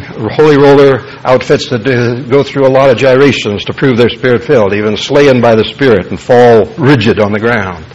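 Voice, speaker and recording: A man preaching a verse-by-verse Bible sermon as a pastor, folksy and emphatic, often checking in with "you see" and "all right". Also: mid-range voice. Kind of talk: expository Bible-teaching sermon. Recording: dull lo-fi sermon tape, faint hiss.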